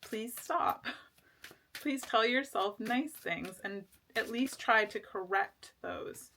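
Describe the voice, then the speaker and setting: A woman's voice: on the high side, slow, bright, forceful tone, a little hiss or hum. A woman giving a casual tarot reading, rambling with lots of fillers and restarts, earnest and reassuring. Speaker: tarot reader.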